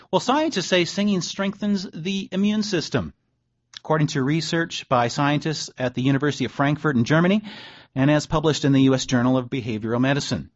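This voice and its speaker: Male pastor, slightly raised pitch, conversational sermon, muffled lo-fi recording. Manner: conversational preaching, reads quotes aloud, wry asides. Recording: dull lo-fi recording.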